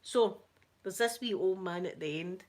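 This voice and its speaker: A Scottish woman telling a story in casual chat, chatty and animated. She breaks into laughter often and drops into soft asides. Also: medium pitch, a little slow. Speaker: ASMR channel host.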